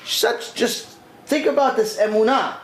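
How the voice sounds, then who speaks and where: A man, a rabbi, giving a storytelling lesson in an animated, conversational way. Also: extremely high pitch, measured pace. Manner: animated, conversational retelling with voiced quotes. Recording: echoey room.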